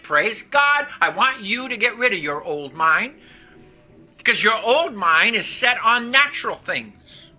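A man with a very high voice preaches a sermon. His delivery is emphatic and he keeps drawing answers from the congregation. The sound is sharp and bright. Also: big pitch swings, a little slow, poor audio. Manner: emphatic, calls for responses from the congregation.

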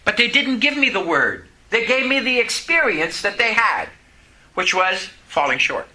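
A man's voice: high voice, very animated, moderate pace, sharp tone, rough recording. A man preaching a sermon, telling personal stories and drawing responses from the congregation. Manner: storytelling preacher with audience call-and-response. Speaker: pastor.

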